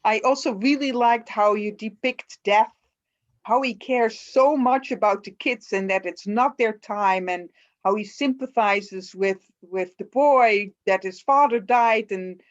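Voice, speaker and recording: A woman audience member on a video call, asking an author questions eagerly and haltingly. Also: mid-range voice. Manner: enthusiastic, halting, with many restarts. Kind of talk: conversational Q&A. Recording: dull, muffled video-call audio.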